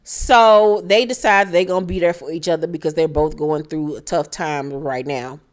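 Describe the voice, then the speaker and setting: Sassy, profane woman recapping a show. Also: normal speed. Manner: animated, profane, sassy, shouting high mock rants. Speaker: reality TV recap host. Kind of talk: casual recap commentary.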